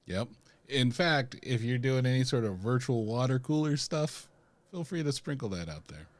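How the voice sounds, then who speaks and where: Man, podcast co-host, laid-back, dry humor, lively pitch, dry close sound. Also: moderate pace, no room sound. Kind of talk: casual pop culture chat.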